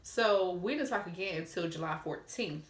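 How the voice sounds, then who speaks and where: Young woman doing a storytime vlog, kinda low voice, swears a lot, echoey room. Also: normal speed. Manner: frank and blunt, swears freely; chatty, mimics the texts she retells. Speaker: vlogger. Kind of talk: casual storytime. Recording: roomy echo.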